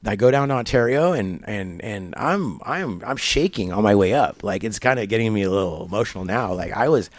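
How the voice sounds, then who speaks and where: A middle-aged man telling a long personal story in an interview at a barbershop, halting and rambling, acting out the people he quotes. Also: fairly low pitch, lively intonation, no echo. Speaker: guest.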